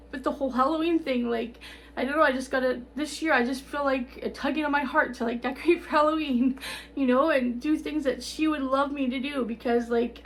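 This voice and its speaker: A middle-aged woman talking straight to camera in a tearful, rambling personal update, halting and repeating herself. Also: high-pitched, vocal fry, a little hiss or hum. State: tearful, on the verge of crying. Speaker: vlogger.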